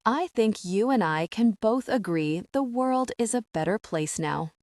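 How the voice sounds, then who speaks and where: A woman voicing a smug, scheming woman who speaks slowly and mockingly in an audiobook. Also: fairly high pitch, expressive, a little mellow, no echo, clean studio sound, pitched above the performer's own voice. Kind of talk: audiobook narration.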